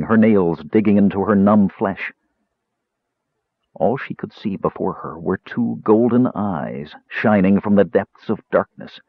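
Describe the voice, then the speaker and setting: Male audiobook narrator, low husky voice, lively pitch, expressive, dry dull recording. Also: no room sound. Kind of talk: scripted narration.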